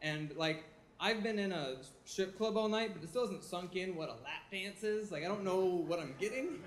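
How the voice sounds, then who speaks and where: A man's voice: sits high, moderate pace. A young man telling a funny personal story on stage at a live show, self-mocking and laughing as he goes. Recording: echoey live room with audience noise.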